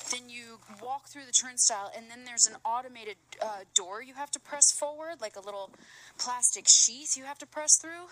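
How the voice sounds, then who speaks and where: A young woman casually telling a travel story outdoors, chatty and animated, slipping in halting French phrases. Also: a little high, a little hiss or hum, low-quality recording. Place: outdoors at a busy landmark.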